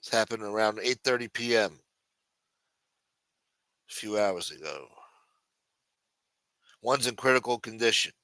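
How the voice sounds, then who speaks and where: A man's voice: fairly low pitch, expressive, a little slow, pauses often, bright, forceful tone, dry recording. A man hosting a casual late-night livestream, rambling, sarcastic and profane as he comments on the news. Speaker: host.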